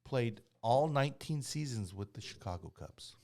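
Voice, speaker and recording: A man's voice: mid-range voice, animated, normal speed, warm tone. A man in his fifties co-hosting a podcast, reading out trivia in a casual chat with a mock-solemn refrain. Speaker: podcast co-host.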